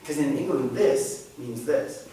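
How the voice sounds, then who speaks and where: A man's voice: medium pitch, measured pace. Joking man in an echoey room. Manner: animated, joking, restarts sentences often. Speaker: catechism class presenter. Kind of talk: informal faith talk to a class. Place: church meeting room. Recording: very echoey room, mic at a distance.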